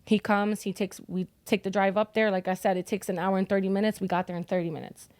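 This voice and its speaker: A woman's voice: mid-range voice, flat delivery, fast talker, a little mellow, no echo. A young woman telling, as a podcast guest, how she lost her son, talking bluntly and swearing often. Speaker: grieving mother as podcast guest. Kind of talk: emotional personal storytelling.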